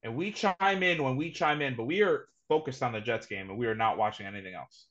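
A man's voice: medium pitch, a little fast, a bit bright. A man co-hosting a podcast in casual sports banter, emphatic and repeating himself to press a point. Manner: emphatic, repeats names and phrases insistently. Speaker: podcast co-host. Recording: slightly dull lo-fi podcast audio.

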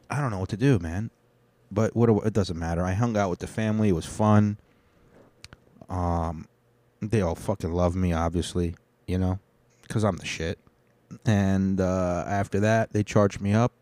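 A young man with a low, mellow voice rambles through a loose, swaggering recap of his week, full of profanity and side tangents. The sound is dry and close, with no room around it. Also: dry recording.

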